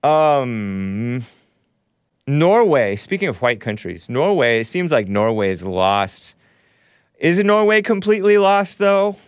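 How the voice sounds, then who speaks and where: A man hosting a call-in show, chatting casually, laughing often and jumping up in pitch now and then. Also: sing-song, takes it slowly, smooth, dry recording, studio quality.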